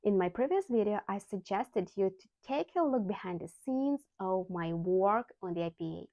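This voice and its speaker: A woman who is not a native English speaker, teaching English vocabulary in a scripted lesson with slow, careful enunciation of example sounds. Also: mid-range voice, animated, dark tone, no room sound, highs cut off.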